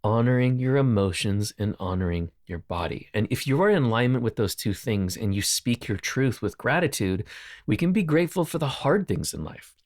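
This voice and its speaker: An earnest man talks through his thoughts on a solo podcast, taking his time and circling back to repeat key phrases. His voice sits at an ordinary middle pitch. The sound is dry and close, with no room echo. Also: animated, moderate pace, darkish tone. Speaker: podcast host. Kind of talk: reflective solo podcast talk. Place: lives in Nashville.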